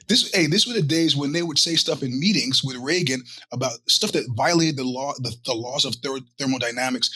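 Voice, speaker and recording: Middle-aged male host, husky, bright-edged, profane casual storyteller who plays every character himself. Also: a little high. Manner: animated, profane, acts out quoted voices. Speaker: podcast host.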